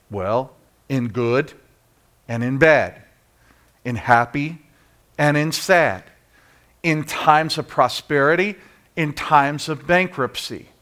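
A man preaching a sermon in church, talking to the congregation with rhetorical questions, singing bits of a hymn and moving from quiet to loud. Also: on the high side, lively intonation, slow pace, long pauses. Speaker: pastor.

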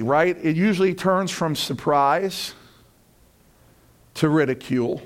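A male pastor preaching a sermon in an animated way, acting out the voices of friends and building to loud peaks. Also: on the high side, takes it slowly, long pauses.

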